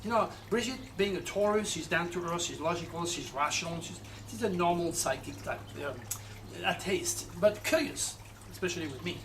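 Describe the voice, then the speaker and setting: A man telling a personal story in an animated way, with halting restarts. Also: high voice, recorded from a distance, a little hiss or hum, low-quality recording. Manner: animated, acts out quoted voices, halting restarts. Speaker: astrologer telling his own story.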